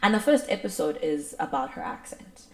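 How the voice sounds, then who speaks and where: A woman's voice: low voice, brisk. Chatty South African woman, echoey room. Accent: South African English. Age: 20s. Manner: rambling, full of "like" fillers, swings from lively to soft. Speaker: podcast co-host. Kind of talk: casual chat.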